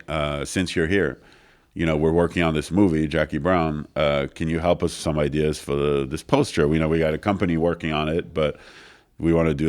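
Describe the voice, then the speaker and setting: A man's voice: a bass voice, clean tone. A man interview guest casually telling a long anecdote in a studio, acting out the other people in it and using many fillers. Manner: animated anecdote with quoted voices, filler-heavy. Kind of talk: casual storytelling. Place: recording studio.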